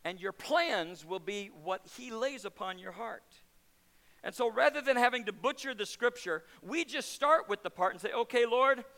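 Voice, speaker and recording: A bright, high-pitched man preaches a sermon in a church sanctuary, his voice trailing off in long hall reverb. He drops to hushed, intimate lows and then rises to loud, emphatic peaks. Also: lively intonation, normal speed. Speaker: pastor.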